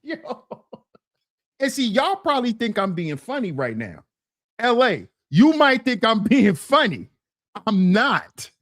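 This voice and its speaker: Woman host, ranting stream commentary; higher voice swinging wide, mocking repetition. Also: measured pace, no echo, studio quality. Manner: animated, repetitive, mocking, laughs through points.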